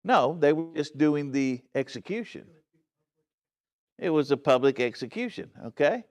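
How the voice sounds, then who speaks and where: A man leads a Bible study from the front of a church in a slightly raised, rather high voice with lively intonation, speaking at normal speed. Earnest and emphatic, he often confirms his listeners are following and frequently restarts and corrects himself.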